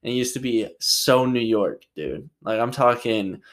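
A man's voice: medium pitch, measured pace. A young man from Utah casually answering viewer questions in a vlog. He rambles, jokes and swears freely. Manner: rambling, jokey, swears a lot. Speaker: vlogger.

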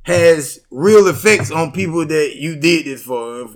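A middle-aged man co-hosting a casual talk show, slangy and animated, swinging between excitement and subdued talk. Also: on the high side, a little slow. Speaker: podcast co-host. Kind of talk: casual chat.

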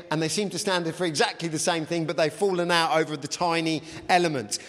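Male preacher, casual halting delivery, somewhat high voice, long hall reverb. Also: a bit bright. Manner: chatty, with frequent ums and uhs. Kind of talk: sermon with a read-aloud story.

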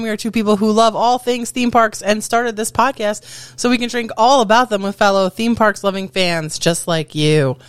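A woman's voice: medium pitch, clear, resonant tone, no room sound. A woman co-hosting a podcast in a bubbly, giggly, teasing way. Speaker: podcast co-host. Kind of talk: playful podcast banter.

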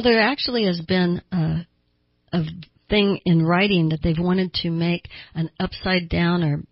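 A woman's voice: fairly low pitch, breathy edge, dry recording, dull audio. An older woman hosting a therapy advice talk show, speaking earnestly and asking listeners direct questions. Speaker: radio therapist host.

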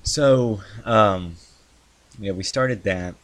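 A young man with a fairly low voice talks through the history of his video series in a loose, rambling way. He hesitates often, piling up ums and false starts as he goes. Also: a bit bright, a little hiss or hum. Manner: halting, many ums and restarts. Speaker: YouTuber recounting his channel's history. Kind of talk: casual rambling monologue. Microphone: handheld mic he adjusts.

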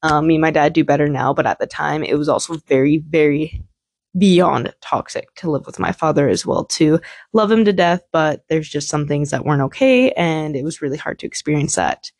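A woman's voice: low-pitched, brisk, darkish tone, no echo. A young woman hosting a podcast, telling a candid, rambling personal story full of swearing and filler words. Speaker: podcast host.

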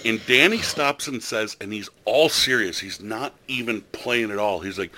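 A man's voice: lowish voice, normal speed, few pauses, sharp tone. A man hosting a podcast in casual chat, chatty and enthusiastic with a rambling way of telling stories. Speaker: podcast host.

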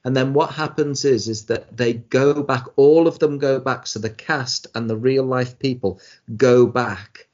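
A podcast co-host chats casually while reviewing TV shows, stumbling over his words, restarting often and rambling with an exasperated edge. His middle-pitched voice is steady, unhurried and darkish, and the recording sounds dull and lo-fi.

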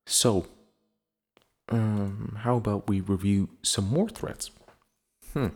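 Low-voiced profane ranting man. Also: fairly even intonation, slow, long pauses, a little mellow. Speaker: podcast host. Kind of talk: casual chat.

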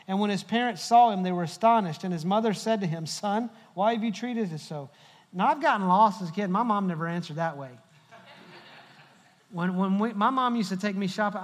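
High-voiced man preaching in a reverberant hall. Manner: storytelling, joking with the congregation. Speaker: pastor. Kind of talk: humorous sermon. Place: large church hall.

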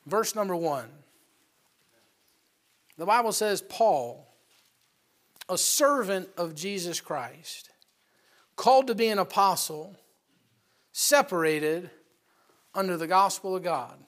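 A man preaching a sermon, emphatic and folksy, telling stories between scripture readings and building to loud peaks. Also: sits high, animated, slow, pauses often. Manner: folksy with storytelling asides.

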